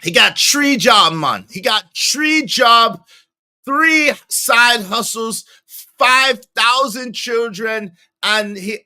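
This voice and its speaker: A man shouting in a put-on accent as a loud, excitable character, drawing out his words. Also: high-pitched. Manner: shouting, drawn-out, hyped.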